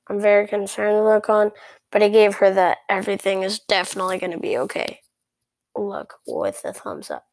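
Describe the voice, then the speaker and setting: A woman's voice: medium pitch, gravelly, a little mellow, dry recording. A woman narrating a story in the first person, chatty and rambling, with sarcastic asides.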